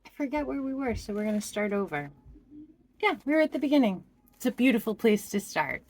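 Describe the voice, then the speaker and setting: A woman doing a pick-a-card tarot reading, speaking to the viewer in a slow, heartfelt and expressive way. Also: a little high. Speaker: tarot reader.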